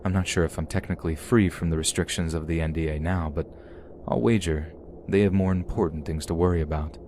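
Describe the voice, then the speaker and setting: A man reading a first-person true horror story aloud as a podcast narrator, in a steady, measured manner. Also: low voice, slight background noise.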